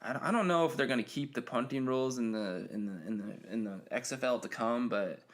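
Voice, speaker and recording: A man's voice: medium pitch, fairly quick. A man hosting a solo podcast, talking casually and rambling with many fillers and restarts. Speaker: podcast host.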